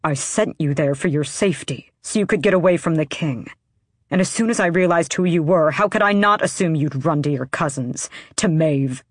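A woman's voice: low-pitched, moderate pace, dry recording, clean studio sound. A woman voicing a stern young man who is blunt and accusing, with clipped, curt delivery. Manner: curt, clipped, speaks through his teeth.

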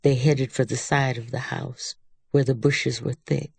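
Low-key and unhurried, a woman reads a novel aloud at a slow, deliberate pace. Her voice carries a gravelly texture, and the recording is close and dry with no room sound. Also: flat delivery, darkish tone, dry recording. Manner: measured, unhurried reading. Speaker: audiobook narrator. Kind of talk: literary audiobook narration.

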